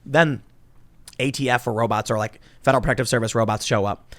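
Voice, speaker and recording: A man hosting a casual podcast discussion, talking in an animated way and acting out robot voices. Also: medium pitch, quick pace, no echo. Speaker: podcast host.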